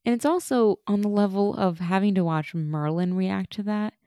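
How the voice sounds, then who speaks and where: Female podcast co-host, chatty recap voice, mellow, dry close sound. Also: medium pitch, moderate pace, clear, resonant tone, no echo. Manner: chatty, laughs often. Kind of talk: casual recap chat.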